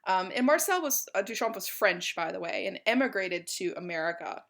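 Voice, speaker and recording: A woman's voice: medium pitch, expressive, brisk, a bit bright. A woman giving a college art history lecture in a chatty, informal way, with many fillers.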